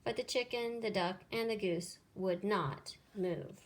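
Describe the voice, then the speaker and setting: Slow, expressive woman reading a storybook. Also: medium pitch. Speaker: teacher reading aloud. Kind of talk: children's picture-book read-aloud.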